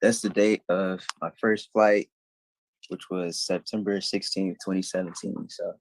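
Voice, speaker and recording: Flat, low-voiced young man. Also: a little hiss or hum, low-quality recording. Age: young adult. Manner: plain, low-key, a bit halting. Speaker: former student, guest.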